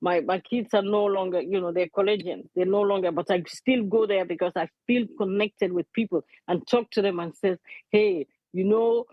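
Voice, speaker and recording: A woman's voice: medium pitch, fairly even intonation, fairly quick, hardly any pauses, dry recording, narrow, tinny audio. A middle-aged woman, speaking earnestly and emotionally as a community advocate, repeating her key points. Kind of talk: impassioned interview testimony.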